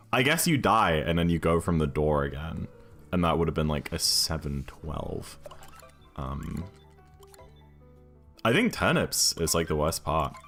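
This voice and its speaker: A man's voice: sits low, fairly bright tone. A British man streaming a video game, chatting casually and thinking aloud while answering viewers' questions. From United Kingdom.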